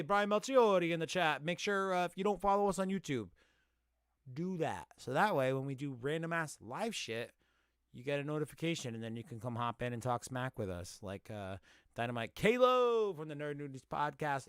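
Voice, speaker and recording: A man hosting a casual podcast live stream, rapping a long name list fast and swearing as he jokes about himself. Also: on the high side, expressive, a bit bright, clean tone, dry recording, clean studio sound. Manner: rapid rhythmic list rapping, swearing, self-mocking. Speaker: podcast host.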